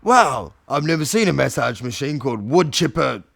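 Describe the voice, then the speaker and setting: A man voicing a pompous giant male metal dragon who speaks slowly and grandly. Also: big pitch swings, vocal fry, fairly bright tone, heavily acted. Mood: haughty. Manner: deep, slow and self-important.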